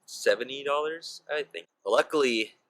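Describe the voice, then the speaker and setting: A man's voice: medium pitch, moderate pace, fairly bright tone, no room sound, poor audio. A young man casually telling a personal story as a vlogger, peppering his talk with "like" and "you know.". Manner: chatty, heavy use of "like" and "you know" fillers.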